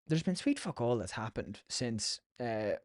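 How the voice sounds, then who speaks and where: A man's voice: mid-range voice, very animated, unhurried, darkish tone, no echo, studio quality. A young Irish man hosting a solo podcast, chatty and self-mocking, swearing freely as he tells his stories. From Ireland. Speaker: podcast host. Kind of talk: casual solo podcast ramble. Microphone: podcast mic.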